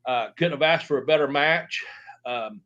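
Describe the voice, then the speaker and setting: A man's voice: medium pitch, normal speed. Rambling man in a dull lo-fi recording. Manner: rambling, filler-heavy, acts out quotes. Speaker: former pro wrestler, interview guest. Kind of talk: shoot interview storytelling.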